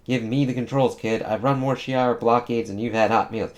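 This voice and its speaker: A man reading aloud as a cocky older male space pirate in a comic, in a plain, flat voice. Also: mid-range voice, normal speed, close to an everyday voice. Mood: brash. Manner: reads comic dialogue aloud flatly.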